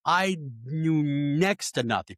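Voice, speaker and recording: Male guest, casual storyteller, very expressive pitch, dry studio sound. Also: slow, clear, resonant tone, no room sound. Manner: animated, acts out voices in his story. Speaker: paranormal investigator guest.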